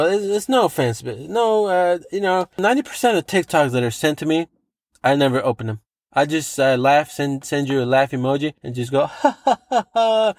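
A man with a somewhat high voice rants alone, with plenty of swearing. He drives each point home by repeating it. The sound is close and dry, with no room around it. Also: no room sound. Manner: profane, emphatic, repeats himself for effect. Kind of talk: solo rant monologue.

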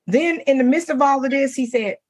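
A middle-aged woman co-hosting a talk show, telling a dating story in casual chat, animated and laughing as she quotes the men. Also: high-pitched, fairly quick.

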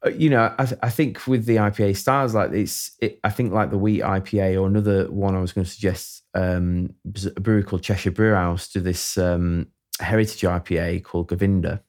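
A man's voice: low voice, fairly even intonation, a little fast, few pauses, a little mellow. A man hosting a casual podcast chat, rambling and laughing easily. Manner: chatty, rambling, laughs often. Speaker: podcast host.

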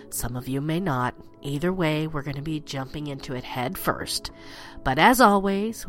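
Low-voiced, stuffy woman podcast host. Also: a bit bright. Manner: chatty and playful, dramatic swells in pitch. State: stuffy, congested from allergies. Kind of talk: spooky storytelling podcast.

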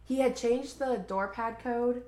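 A woman with a fairly high, mellow voice co-hosts a podcast, speaking unhurriedly in an echoey room. She casually recaps a book in a chatty, rambling way, using "like" heavily.

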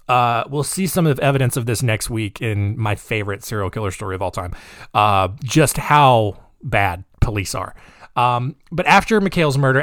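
A man tells a true-crime story in a casual, joking way and wanders off into personal asides. His voice is of middling pitch. It is recorded close and dry, with no room sound. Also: dry recording. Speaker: podcast host.

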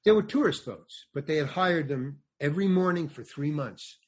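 Older man, slightly high storyteller. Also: expressive, normal speed, husky. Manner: rambling storyteller, acts out quoted dialogue, frequent restarts. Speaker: guest, comedian and actor. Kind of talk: anecdotal interview storytelling.

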